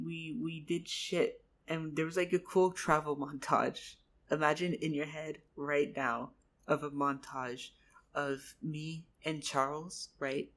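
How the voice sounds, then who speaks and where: A man telling a rambling improvised fantasy story, repeating his words and swearing casually. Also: fairly high pitch. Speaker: vlogger.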